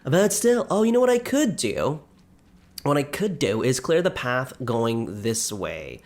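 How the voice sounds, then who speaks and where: A man's voice: mid-range voice, big pitch swings, a little slow, darkish tone. Male let's-player, casual running commentary, self-deprecating, slightly out of breath. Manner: chatty, self-deprecating, talks to viewers. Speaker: let's play gamer.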